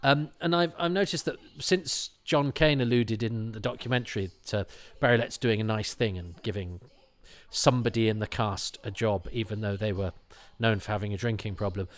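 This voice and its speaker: A man's voice: fairly low pitch, normal speed. A man hosting a commentary podcast, chatting in a rambling way with many restarts and asides. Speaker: podcast host.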